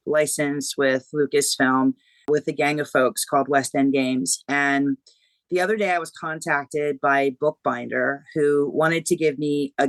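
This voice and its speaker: A woman guest author on a podcast, telling a story in an animated, emotional way. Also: deep voice, dry recording. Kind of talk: podcast interview.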